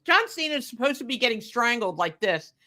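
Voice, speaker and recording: Bright-voiced woman ranting about wrestling. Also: fairly high pitch, fairly quick. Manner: animated, indignant, many fillers and restarts. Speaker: podcast co-host. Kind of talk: casual wrestling chat.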